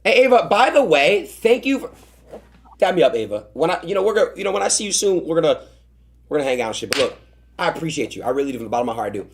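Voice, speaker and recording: A man hosting a live stream, talking in a casual, excitable way that stammers and repeats words. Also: on the high side, very fast, slight background noise. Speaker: streamer host.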